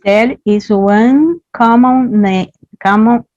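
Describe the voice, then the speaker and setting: A woman student learning English answers grammar questions at a very slow, careful pace, often breaking off and restarting words. The audio is dull and lo-fi, as from an online class. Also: on the high side, a little mellow. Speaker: adult student.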